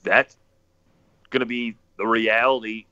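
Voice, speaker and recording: A man hosting a loose livestream chat, swearing freely and circling back over the same point. His voice is bright and forward. The mic sound is dry and a little dull. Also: mid-range voice, little pitch movement, a little slow, smooth, no echo. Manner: profane, rambling, repeats himself. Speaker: podcast host.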